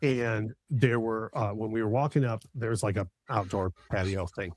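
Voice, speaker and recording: A man's voice: on the low side, fairly even intonation, moderate pace, a little mellow, no echo. A middle-aged man chatting casually as a podcast host, enthusiastic and rambling with many fillers and restarts. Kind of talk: casual chat.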